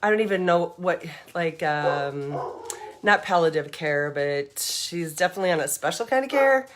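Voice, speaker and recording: Middle-aged lady rambling on a live stream outside, bit breathless, lowish voice, faint hiss behind. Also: animated, moderate pace. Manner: chatty, rambling, upbeat. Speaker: livestream host. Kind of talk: casual live-stream chat. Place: outdoors around her home and yard.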